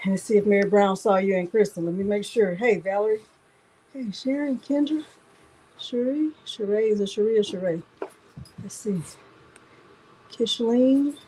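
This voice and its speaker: A woman's voice: medium pitch, moderate pace, long pauses, mellow, slightly rough, rough recording. A woman hosting a casual craft livestream, chatting and greeting viewers by name one after another.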